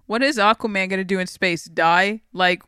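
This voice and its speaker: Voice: mid-range voice, moderate pace, clean tone, no echo, clean studio sound. Young adult telling stories with laughs. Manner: animated storyteller, laughs often, swears freely. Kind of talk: casual podcast chat.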